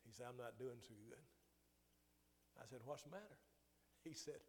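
Older preacher in a reverberant hall. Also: male voice, medium pitch, normal speed, long pauses, a little mellow. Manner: storytelling with restarts and swelling emphasis. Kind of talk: sermon.

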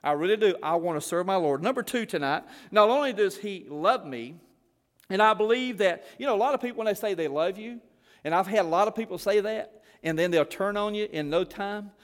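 A man's voice: sits high, animated, fairly quick, big-room sound. A man preaching a sermon, telling folksy stories as a former missionary. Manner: folksy storytelling, Southern phrasing. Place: church.

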